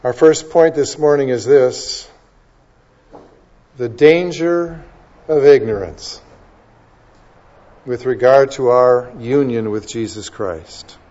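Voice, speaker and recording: A pastor with a mellow, medium-pitched voice preaches a sermon, recorded with the highs cut off. He asks rhetorical questions and rises to emphatic peaks while quoting scripture references in quick succession.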